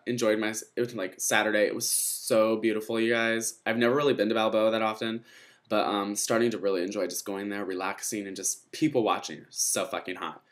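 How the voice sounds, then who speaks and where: Young guy spilling club drama on his vlog, gossipy, swears a lot, mid pitch. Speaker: vlogger. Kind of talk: casual storytelling vlog.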